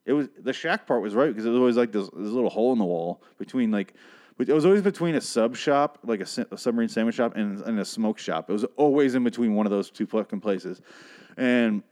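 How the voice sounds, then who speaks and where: Man, podcast host, from Michigan, casual comedic rant, sarcastic, swears a lot, medium pitch. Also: animated, fast, darkish tone. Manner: profane, rambling, sarcastic.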